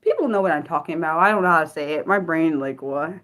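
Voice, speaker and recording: Woman streamer, lowish voice, casual rambling chat, lots of um and restarts, talking to chat. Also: fast talker, a bit bright. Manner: rambling, many fillers and restarts, reading chat aloud. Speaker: livestream host. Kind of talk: unscripted livestream chat.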